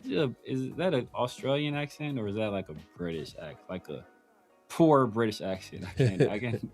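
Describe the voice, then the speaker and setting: A man's voice: medium pitch, lively intonation, moderate pace, darkish tone, soft background music. A man hosting a casual sports talk show, rambling with many restarts and fillers. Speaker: podcast host.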